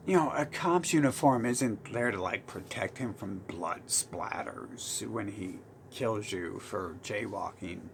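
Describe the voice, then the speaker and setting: Gravelly Southern-sounding man ranting. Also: fairly low pitch, noisy background. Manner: profane, heated, full of restarts. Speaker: vlogger. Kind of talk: rambling monologue.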